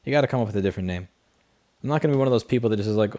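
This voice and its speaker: A man's voice: fairly low pitch, rapid-fire, vocal fry, warm tone. A man hosting a casual late-night livestream, reading chat questions and answering in a blunt, profane, rambling way through a desk microphone.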